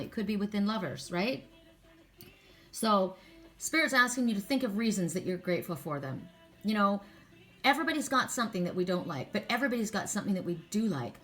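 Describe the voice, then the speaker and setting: A woman's voice: mid-range voice, fairly bright tone. A middle-aged woman reading oracle cards, chatting earnestly and telling stories with many asides. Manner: chatty, earnest, storytelling with many "you know"s. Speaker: oracle card reader. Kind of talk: casual spiritual talk.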